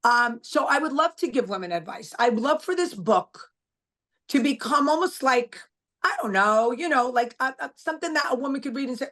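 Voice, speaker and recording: Middle-aged woman guest, blunt and emphatic, a bit higher-pitched, casual interview talk. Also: expressive, moderate pace, a bit bright. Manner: blunt, emphatic, repeats herself. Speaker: guest, author.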